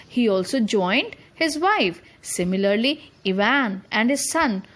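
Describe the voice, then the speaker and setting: Brief: a woman teacher explaining a literature chapter. Slow and deliberate, a little high, restates each point. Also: sing-song, a bit bright. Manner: repeats and rephrases to explain. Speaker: English teacher. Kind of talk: reading and explaining a story chapter.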